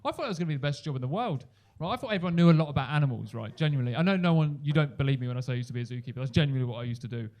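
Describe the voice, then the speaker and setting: A young man doing a stand-up comedy set on a club stage into a handheld mic, animated and jumping into loud high-pitched voices for the people in his stories. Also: rapid-fire, hardly any pauses, highs cut off.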